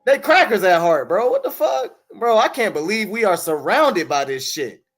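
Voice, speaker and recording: A man hosting a live stream, yelling profane taunts and insults at people in his chat. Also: sits high, big pitch swings, normal speed, over loud music. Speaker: livestream host. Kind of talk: heated trash talk on a live stream.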